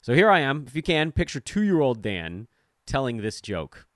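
A man's voice: mid-range voice, very animated, normal speed, a bit bright, no echo, clean studio sound. A man in his thirties hosting a podcast, giving rambling, self-deprecating fantasy basketball commentary. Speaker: podcast host. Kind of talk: casual fantasy sports commentary.

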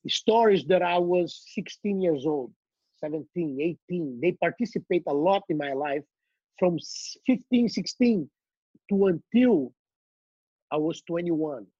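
A middle-aged man with a Brazilian Portuguese accent tells animated stories, stumbling over and repeating words as he goes. His voice is husky and a little muffled. The recording is close and dry. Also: fairly high pitch, unhurried, no echo. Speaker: guest. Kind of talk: casual storytelling.

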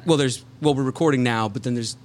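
A man's voice: medium pitch, fast talker, a crowd in the background. A man hosting a podcast, talking casually in a loose, joking, playful way as he runs the show. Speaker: podcast host.

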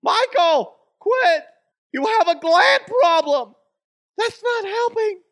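A man putting on a fussy, high-voiced mother fretting over her son in a shrill, nagging falsetto. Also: expressive, slow pace, fairly bright tone, no room sound, clean studio sound, heavily acted. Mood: fussing.

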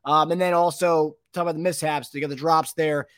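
A man's voice: a little high, fairly even intonation, brisk, dry recording. A man hosting a football podcast, rambling through plays with restarts and handing questions to his co-host. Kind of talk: casual sports chat.

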